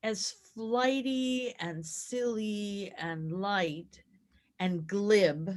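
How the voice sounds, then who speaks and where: A woman co-hosting a film club, discussing a film and acting out its scenes in a lively way. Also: mid-range voice, extremely slow. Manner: animated, acts out film scenes. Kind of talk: casual chat.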